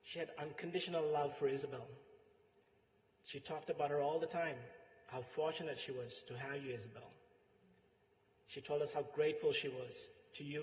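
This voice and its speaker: A man with a Sri Lankan accent delivering a eulogy, heartfelt and pausing, his voice trailing softly at the ends of phrases. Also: medium pitch, slight background noise. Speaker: eulogist, friend and coworker. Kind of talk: eulogy speech with anecdotes. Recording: echoey hall with long reverb.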